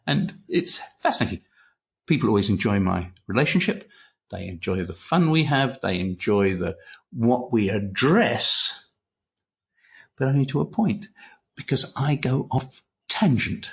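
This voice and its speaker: An older man, a retired clinical psychologist, chatting as an interview guest and telling animated anecdotes, often repeating words and swearing. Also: mid-range voice, measured pace, vocal fry. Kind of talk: casual interview storytelling.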